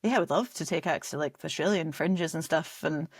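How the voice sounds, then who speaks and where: A woman's voice: low-pitched, brisk, slightly rough, no echo, studio quality. A young Scottish woman chatting casually on a podcast as a guest, laughing often and filling her talk with "like". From Scotland. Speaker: comedy director and promoter, guest.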